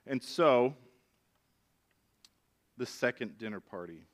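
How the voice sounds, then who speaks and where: A man preaching a sermon, retelling an old story in a lively, conversational way. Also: medium pitch, measured pace.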